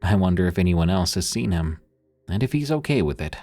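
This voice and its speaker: Male horror-story narrator, very low voice, scripted and steady. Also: a little fast, no room sound.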